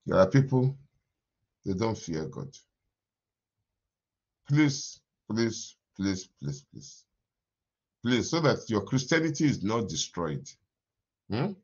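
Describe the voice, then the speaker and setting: A man preaching an animated morning devotion sermon as pastor, repeating his phrases and laughing often. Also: lowish voice, measured pace, long pauses, husky, muffled recording.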